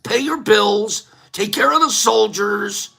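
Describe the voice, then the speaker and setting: A man's voice: high-pitched, takes it slowly, creaky, bright, forceful tone, husky. A man hosting a casual livestream, rambling through joking rants and giving things away to viewers.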